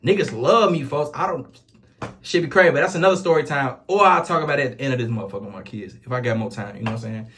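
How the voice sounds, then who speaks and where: A man with a Chicago accent telling a story in casual street slang, swearing oaths as he goes. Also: medium pitch. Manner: rapid, animated street slang with repeated oaths. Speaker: storyteller vlogger.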